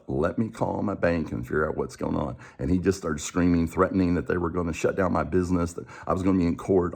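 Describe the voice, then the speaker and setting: Deep-voiced man telling a personal story. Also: darkish tone. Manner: conversational, acts out the dialogue, frequent restarts. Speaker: coach and show host.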